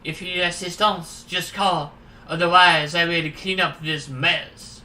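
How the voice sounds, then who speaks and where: A streamer voicing a polite male vampire bartender with a put-on French accent, slow and formal. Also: mid-range voice, fairly even intonation, pushed and bright. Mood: courtly. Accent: fake French. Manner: courteous, formal and measured. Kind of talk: game dialogue read aloud by a streamer.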